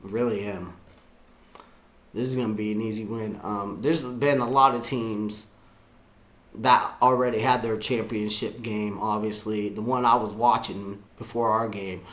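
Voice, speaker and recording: A man's voice: on the low side, fairly even intonation, unhurried, a bit bright, roomy sound. A man reacting live to a football game, boastful and rambling. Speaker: sports fan vlogger.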